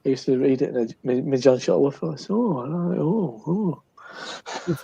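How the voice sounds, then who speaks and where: A man's voice: fairly high pitch, normal speed, gravelly, warm tone, slightly rough, muffled recording. A man with a South Yorkshire accent, joking and swearing freely in casual banter on a video call.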